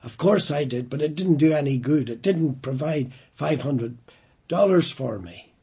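A preacher acting out an angry wayward son. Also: male voice, a little high, animated, measured pace, mellow, breathy edge, exaggerated voice. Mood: complaining. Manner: complaining, demanding. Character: angry wayward young man in prison.

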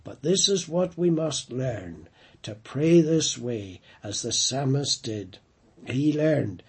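Male preacher, husky and unhurried, storytelling sermon delivery. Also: medium pitch, a little mellow. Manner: storytelling, slowing down for emphasis.

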